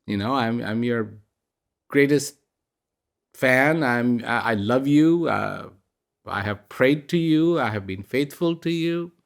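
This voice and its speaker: A man's voice: mid-range voice, takes it slowly, creaky. Man putting on a desperate pleading woman. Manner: pleading, repetitive, then indignant. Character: desperate woman pleading with God, later furious.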